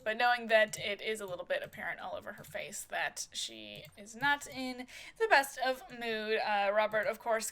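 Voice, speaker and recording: A woman's voice: mid-range voice, gravelly, a bit bright. A woman casually narrating a life-sim soap opera as she plays, describing each action with many fillers.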